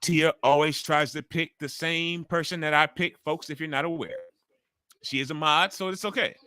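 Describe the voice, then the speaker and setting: A middle-aged male stream host with a sharp, forceful tone, chatting loosely with his viewers and swearing freely. His voice sits a little high for a man. It sounds close and dry, with no room echo. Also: fairly even intonation, moderate pace, clean tone. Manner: loose, profane, talks straight to the chat. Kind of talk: casual watch-along chat with viewers.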